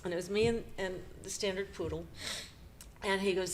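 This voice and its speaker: A middle-aged woman co-hosting a podcast, retelling a painful personal story in a halting, emotional way with nervous laughs. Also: medium pitch, steady tone, slight background noise. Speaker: podcast co-host.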